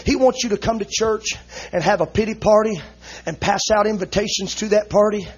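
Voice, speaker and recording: A man preaching an impassioned, emotional sermon, shouting rhythmic lines and punctuating them with "uh, amen.". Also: high voice, a little fast, slightly rough. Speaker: visiting preacher.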